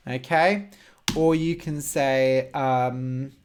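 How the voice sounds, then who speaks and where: A man's voice: medium pitch, steady tone, a little hiss or hum. A man teaching English on a live stream, explaining words patiently and checking in with frequent "okay?". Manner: slow, simple, encouraging explanations with frequent "okay?". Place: home room.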